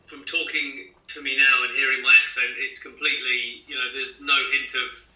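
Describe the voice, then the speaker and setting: This Scottish runner, in his thirties, is an interview guest on a video call that sounds roomy and far off. His bright, forceful mid-range voice barely shifts in pitch, keeps a normal pace, and breaks into easy laughter.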